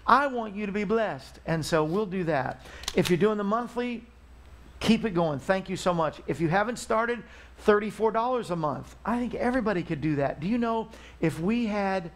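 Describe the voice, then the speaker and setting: A man's voice: high-pitched, animated, normal speed. A man hosting a live talk show, chatting casually and rambling as he pleads for donations. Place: Missouri studio.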